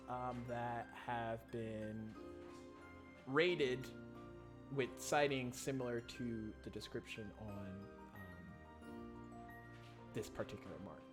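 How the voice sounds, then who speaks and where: A man runs a tabletop game, narrating the world at a slow, halting pace with many "um"s. Music plays clearly in the background. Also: medium pitch. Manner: slow, hesitant with many fillers. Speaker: game master.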